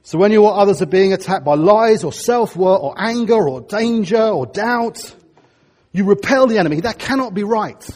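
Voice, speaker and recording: A middle-aged man preaching a sermon, telling stories in an animated way with sudden loud bursts. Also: high voice, moderate pace.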